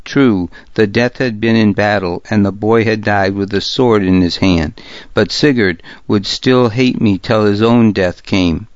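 A man reading a historical novel aloud as a narrator, in a measured, steady way. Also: on the low side, no room sound, muffled recording. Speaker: audiobook narrator. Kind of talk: scripted narration.

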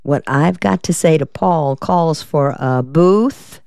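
A woman reading the part of a quick-witted, sassy young female secretary in an audiobook, with a wry drawl. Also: lowish voice, animated, clear, resonant tone, no echo, clean studio sound.

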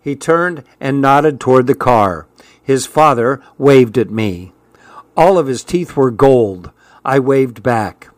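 Guy reading a story aloud, steady and even, dry close mic. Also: medium pitch, takes it slowly, no room sound. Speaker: narrator. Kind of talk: audiobook narration.

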